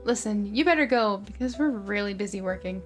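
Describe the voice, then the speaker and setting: A woman's voice: medium pitch, lively intonation, brisk, faint music behind, lightly acted. A woman reading aloud as a kind young woman florist, in a plain script-reading manner. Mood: gentle.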